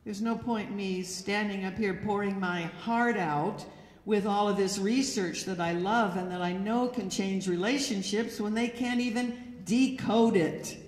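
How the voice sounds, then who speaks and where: A woman lecturer giving direct, instructive advice to an audience through a microphone. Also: medium pitch. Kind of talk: presentation to an audience. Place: church hall. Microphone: handheld or stand microphone. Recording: echoey hall with long reverb.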